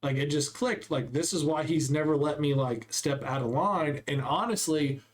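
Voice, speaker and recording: Casting: young adult man, slightly high voice, animated storyteller on a casual podcast. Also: moderate pace. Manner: animated storyteller acting out quotes. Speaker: podcast co-host. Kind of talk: casual chat.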